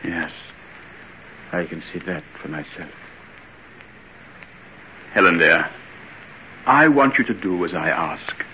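An actor playing a calm, middle-aged doctor in a radio play, speaking in a measured, soothing way. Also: male voice, low voice, slight background noise, exaggerated voice. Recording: muffled old radio recording.

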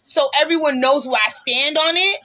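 A woman's voice: sits high, moderate pace, bright, forceful tone. A woman hosting a casual podcast, talking bluntly and passionately, with plenty of swearing. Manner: blunt, profane, passionate ranting. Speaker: podcast host.

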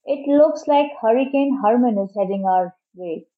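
A woman's voice: a little high, expressive, normal speed, close to an everyday voice. A woman voicing a serious, cautious teenage boy detective, speaking in an earnest, level voice. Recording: tinny phone-like sound.

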